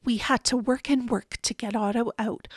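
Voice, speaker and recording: A woman reading a children's picture book aloud in an expressive way. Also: a little high, dry recording, clean studio sound. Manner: expressive, slow and lively. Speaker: storybook reader.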